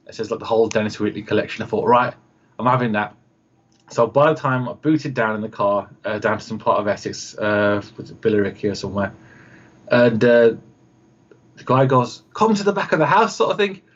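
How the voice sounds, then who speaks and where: Guy on a video call rambling thru a story, lots of ums, does little voices for people, a bit muffled. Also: lowish voice. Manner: rambling storyteller, acts out quoted voices, many fillers. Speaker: guest, radio host and producer. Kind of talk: casual video call interview.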